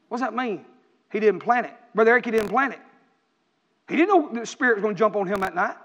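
Preacher guy, really high voice, shouting then going soft, big echoey church. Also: lively intonation, fairly quick, pauses often. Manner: impassioned, rising to shouts then dropping low. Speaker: pastor. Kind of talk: preaching sermon.

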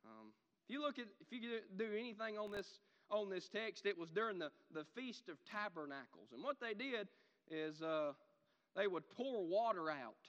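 A man preaching a sermon, animated, swinging from loud shouts to quiet asides. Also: sits high, normal speed, big-room sound, muffled recording.

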